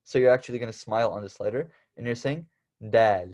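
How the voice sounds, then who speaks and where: A man's voice: medium pitch, fast talker, darkish tone, dull audio. A young man teaching the Arabic alphabet in a casual lesson, patiently repeating and stressing each letter sound.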